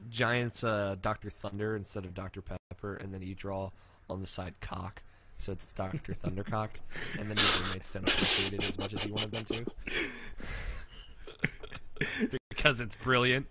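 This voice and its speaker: A man's voice: fairly low pitch, fairly even intonation, normal speed, pauses often, noisy background. A man hosting a podcast in casual chat, reading listener mail, hesitant with many ums, swearing and laughing easily. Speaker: podcast host.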